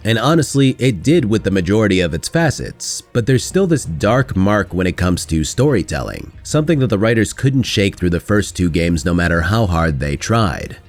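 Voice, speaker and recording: A man with a fairly low voice reads a scripted gaming video essay, dry and sarcastic as he picks apart what he is reviewing. Faint music plays beneath him. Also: very animated. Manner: sarcastic, critical, mocks lines with quick put-on quotes.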